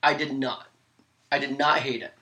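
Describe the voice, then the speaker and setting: A podcast co-host in a casual movie discussion, dry and wry with quick bursts when making a point. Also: mid-range voice, fairly even intonation, pushed and bright. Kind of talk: casual chat about movies.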